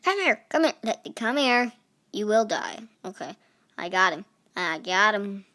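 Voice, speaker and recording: A young woman chats through her gameplay, her voice bright and clear. She talks at an unhurried pace, breaking into playful exclamations as she reacts to the game. It is casual, chatty commentary from a gaming channel host. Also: medium pitch, lively intonation.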